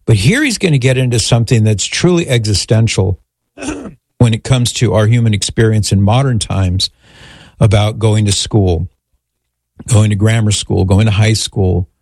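Radio host guy, lowish voice, chatty, dry close mic. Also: moderate pace, vocal fry, a little mellow, breathy edge, no echo. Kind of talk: call-in radio talk.

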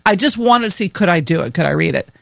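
A woman's voice: fairly low pitch, lively intonation, quick pace, creaky, fairly bright tone, dry recording, clean studio sound. Chatty self-mocking woman podcaster. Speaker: podcast co-host. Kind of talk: casual chat.

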